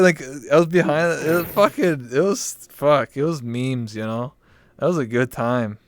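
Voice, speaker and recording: Man, host, smooth clear voice, dry sound, laid-back, swears. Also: fairly high pitch, moderate pace, fairly bright tone, no echo. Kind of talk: casual interview chat.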